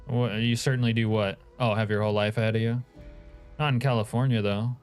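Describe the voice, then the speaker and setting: A man's voice: fairly low pitch, fairly even intonation, fairly quick, clean tone, soft background music. A man streaming a game, chatting casually and joking as he reacts to his chat.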